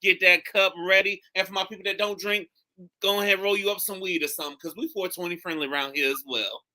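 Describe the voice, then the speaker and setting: A man's voice: high-pitched, quick pace. A man hosting a podcast, telling jokey stories in loose casual chat full of swearing. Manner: animated, swearing, jokey storytelling. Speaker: podcast host. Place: recording studio.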